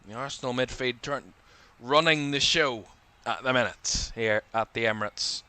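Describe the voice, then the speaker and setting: Brit guy doing live football commentary, bright crisp voice, short bursts of player names, bit tired. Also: medium pitch, normal speed. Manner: calls player names in short bursts, rising when attacks build. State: tired, yawning. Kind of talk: live watchalong match commentary.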